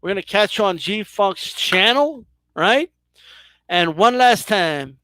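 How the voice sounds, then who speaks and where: A man hosting a comic interview, teasing his guest and repeating a jab in slow, drawn-out words. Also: high voice, animated, sharp tone, no room sound. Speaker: host.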